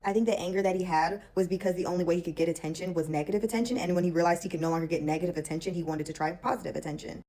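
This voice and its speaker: A woman teacher telling a classroom story in a brisk, matter-of-fact way. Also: fairly low pitch, warm tone. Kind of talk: storytime to camera.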